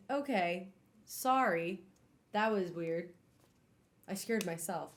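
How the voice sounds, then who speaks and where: A young adult woman streamer reading a novel aloud and chatting about it in a casual, animated way, swearing casually and laughing often. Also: fairly low pitch, slow, pauses often. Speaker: streamer hosting a book club.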